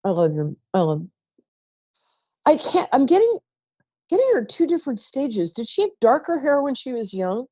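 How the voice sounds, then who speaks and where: Psychic call-in host, woman, rambling and chatty, lively swooping voice, mellow tone, dry dull recording. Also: high voice, normal speed, pauses often, dry recording. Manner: chatty, warm-toned asides, trails off mid-sentence. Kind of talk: live call-in psychic reading.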